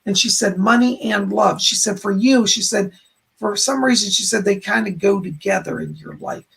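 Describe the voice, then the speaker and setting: Hoarse, gravelly man doing psychic readings. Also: high-pitched, moderate pace. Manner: warm, rambling, relays spirit messages. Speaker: psychic medium hosting a live stream. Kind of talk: live-stream readings for chat donors.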